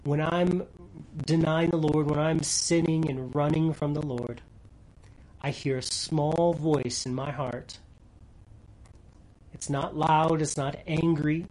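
A man preaching a sermon earnestly, dropping to soft near-whispers for tender lines and rising loud when reading scripture. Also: a little high, poor audio. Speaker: pastor.

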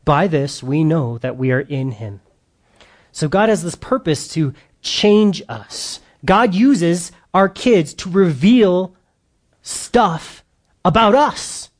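A man's voice: a little high, takes it slowly. A middle-aged man leading a humorous church parenting session for a live audience, telling stories and acting out his own outbursts. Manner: animated storyteller, acts out his own outbursts loudly. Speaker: parenting seminar speaker.

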